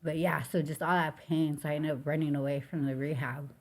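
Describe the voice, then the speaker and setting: A woman's voice: low-pitched, flat delivery, fairly quick. A woman from Los Angeles, a guest telling her personal recovery story in a candid, casual way, with many fillers like "like" and "you know".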